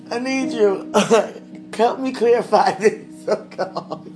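A woman's voice: on the high side, drawn-out words, darkish tone. A woman talking tenderly and laughingly to God in a spoken prayer, at times speaking in tongues. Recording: music playing behind the voice.

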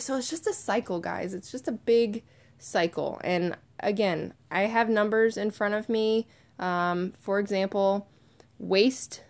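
A young woman talks straight to her listeners in a loose, chatty podcast monologue. Her voice sits at an ordinary middle pitch, and she is animated and informal, with the odd swear word. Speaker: podcast host. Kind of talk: casual solo podcast monologue.

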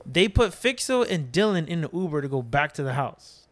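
A man with a somewhat high voice tells a story in casual podcast chat. He is animated and swears freely, and he slips into his friends' voices as he acts out what they said. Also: moderate pace. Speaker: podcast co-host.

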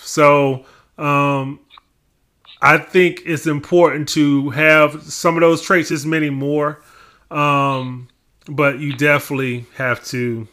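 A man's voice: on the high side, steady tone, a little slow, pushed and bright. A man hosting a podcast, asking rambling, casual questions with many fillers and restarts. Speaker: podcast host. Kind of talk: casual interview chat.

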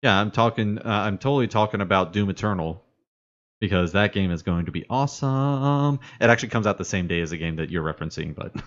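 A man's voice: on the low side, expressive, brisk. A man co-hosting a casual podcast chat, rambling and playful, who hums and fills time when left alone. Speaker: podcast co-host. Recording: dull lo-fi sound.

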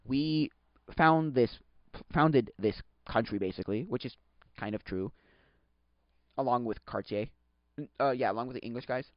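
A man's voice: mid-range voice, brisk, no echo. A young man from Quebec chatting casually as a podcast host, rambling and correcting himself, with bursts of exasperated ranting. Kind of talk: casual chat. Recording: dull lo-fi sound.

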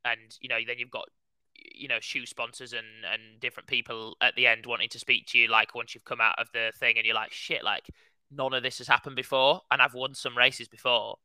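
A man's voice: medium pitch, fairly quick, clear, resonant tone, no room sound, rough recording. A man in his twenties, a podcast co-host, telling a story in casual chat and filling it with "like". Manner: animated storytelling, heavy use of "like".

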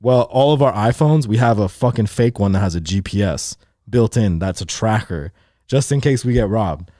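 A man in his twenties, a podcast host, telling a profane, animated story in casual chat and acting out the people in it. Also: on the low side, normal speed, dry recording, studio quality.

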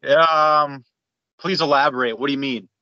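A man's voice: mid-range voice, steady tone, moderate pace. A man on a casual podcast recalling an old story in a laid-back, matter-of-fact way. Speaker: podcast guest. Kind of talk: casual chat. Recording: dry, dull lo-fi audio.

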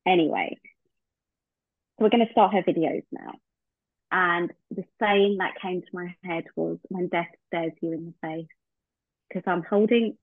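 A woman's voice: lowish voice, no room sound. A woman, a podcast guest, telling a heartfelt personal story and acting out the remembered dialogue. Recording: tinny phone-like line, dry.

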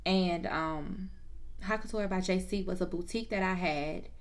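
A woman telling her own story in a casual, lively, slangy way, confiding in the listener. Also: fairly low pitch, normal speed.

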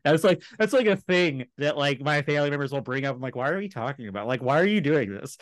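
A man in his thirties from Texas, co-hosting a podcast in casual chat, rambling and animated with many restarts. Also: a little high, fast, dry recording. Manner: rambling, animated, lots of filler words and restarts. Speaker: podcast co-host.

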